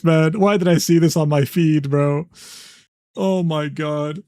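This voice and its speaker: A man's voice: on the high side, steady tone, unhurried, darkish tone, clean tone, no room sound, clean studio sound. Incredulous slangy male streamer. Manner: incredulous, slangy, swearing, laughing in disbelief. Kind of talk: livestream reaction commentary.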